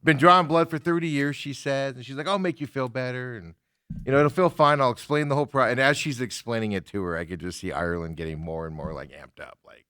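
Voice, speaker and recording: A man's voice: medium pitch, quick pace, clean tone, no echo, clean studio sound. A middle-aged man hosting a sports radio show, telling stories in casual chat and laughing often. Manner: animated storyteller, laughs often. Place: radio studio.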